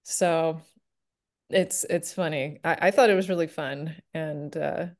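A woman's voice: deep voice, steady tone, measured pace, darkish tone. A woman chatting casually as an interview guest, giggly and full of fillers. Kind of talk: casual chat.

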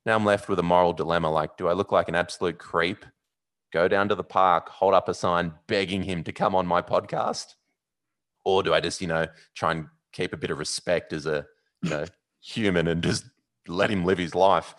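Deep-voiced Australian man telling a story. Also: moderate pace. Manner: animated, rambling, with fillers and loud yelled bits. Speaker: podcast host. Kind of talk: casual storytelling.

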